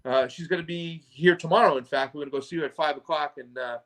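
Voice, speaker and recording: A man's voice: a little high, fast talker, fairly bright tone. A man calling in to a live show, chatting casually and often saying "you know what I'm saying.". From California. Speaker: caller. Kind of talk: casual phone-in chat.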